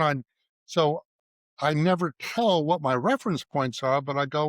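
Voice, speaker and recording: A man's voice: a little high, a little slow, a bit bright, dry recording. A middle-aged man, an advertising writer, telling stories in a casual interview and acting out bits of dialogue. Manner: anecdotal, acts out dialogue in quotes. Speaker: guest, advertising writer and creative director.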